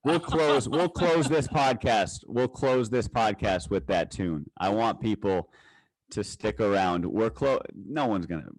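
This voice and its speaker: Hyped low-voiced young guy. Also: lively intonation, measured pace, dry recording. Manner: hyped, rambling, swears casually. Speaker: podcast co-host. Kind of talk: casual podcast banter.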